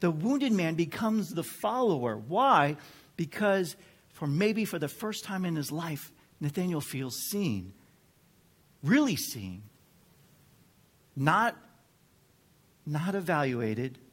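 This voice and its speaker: A man preaching a sermon to a group of men, earnest and measured, dropping to a hush and then building to fervent emphasis. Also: fairly high pitch, big pitch swings, breathy edge. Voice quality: drops to a near whisper at times. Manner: slow, earnest delivery with dramatic swings from hushed to fervent.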